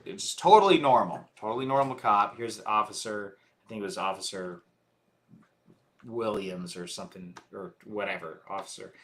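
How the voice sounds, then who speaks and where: A man, a filmmaker being interviewed, telling animated stories in casual chat and laughing often. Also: fairly low pitch, moderate pace. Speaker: filmmaker, guest.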